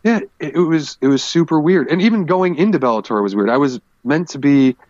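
A man in a casual podcast chat, telling his stories candidly and with plenty of fillers. His voice sits at an ordinary pitch and sounds dry and close. The recording is a little muffled. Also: expressive, a little fast, a little mellow, no echo. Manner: candid, rambling storytelling with many fillers. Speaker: former MMA fighter, guest.

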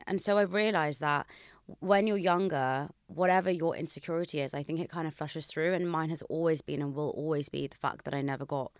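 A woman in her thirties with a low voice hosts a podcast, thinking aloud in a reflective and self-questioning way. Her speech is close and dry, with no room sound. She talks in an open, conversational manner. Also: a little fast, no room sound. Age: 30s. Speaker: podcast host. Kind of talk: candid podcast chat.

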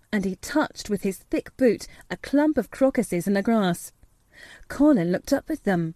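A woman narrating a storybook in a measured, steady reading voice. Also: mid-range voice, no echo. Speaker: audiobook narrator.

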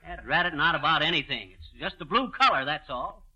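An actor playing a boastful, excitable comic schemer in a 1930s radio comedy, with a bouncy, joking delivery full of wordplay. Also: male voice, a little high, a little fast, husky, full character voice. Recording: muffled 1930s radio broadcast.

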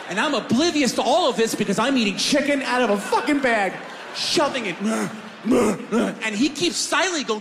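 A man telling a comic story on a podcast in an animated, profane, self-mocking way. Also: very high voice, moderate pace, big-room sound, noisy background.

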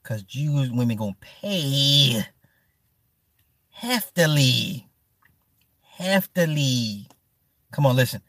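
A man hosting a livestream who chats casually with his viewers, animated and profane, laughing often and answering them by name. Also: mid-range voice, measured pace, few pauses, no echo, clean studio sound. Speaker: livestream host. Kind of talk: casual stream chat.

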